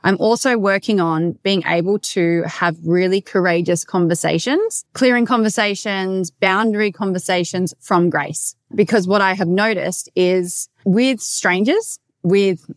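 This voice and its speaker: Brief: Australian woman, podcast host, loud and brash, heavy swearing, lively storyteller, close dry sound. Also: medium pitch, a little slow, hardly any pauses, no echo. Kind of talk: casual solo podcast monologue.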